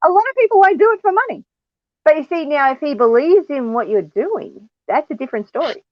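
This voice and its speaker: A woman's voice: sits high, expressive, brisk, dry recording, muffled recording. A woman hosting a casual online chat, talking in a chatty, giggly way. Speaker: channel host.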